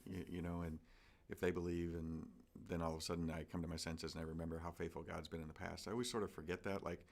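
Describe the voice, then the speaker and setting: A man's voice: deep voice, flat delivery, fast talker, gravelly. An older man hosting a faith conversation, speaking in an earnest and thoughtful way. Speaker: host.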